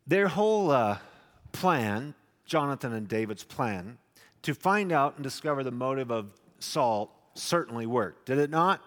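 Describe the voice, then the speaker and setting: A man's voice: medium pitch, lively intonation, unhurried. A male pastor preaching a sermon, teaching through a Bible passage in a conversational way with wry asides. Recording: long reverb in a large hall.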